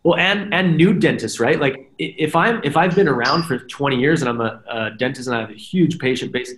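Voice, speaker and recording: A man's voice: mid-range voice, a little fast. A man chatting as a podcast guest, explaining at length with frequent "right?" asides. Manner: animated, talks in long explanations with many "right?" asides. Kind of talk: casual podcast chat. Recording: roomy echo.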